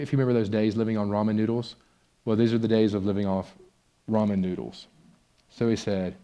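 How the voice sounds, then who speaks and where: A man's voice: lowish voice, dark tone. A man preaching a conversational sermon and reading a story aloud from a book with expression. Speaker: pastor.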